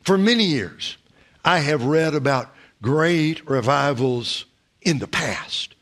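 A male pastor giving a measured, emphatic sermon full of rhetorical questions. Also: a little high, animated, a bit bright.

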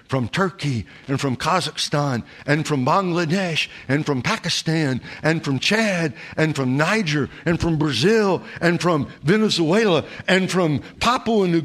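Man preaching, high voice, impassioned sermon delivery, builds momentum through lists. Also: a bit bright. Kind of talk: sermon with slides.

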